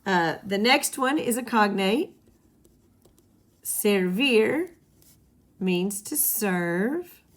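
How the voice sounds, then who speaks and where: A woman gives a Spanish grammar lesson at a whiteboard, patiently explaining rules and having her students repeat them back. Her voice is medium-pitched with lively intonation, and she speaks extremely slowly with long pauses.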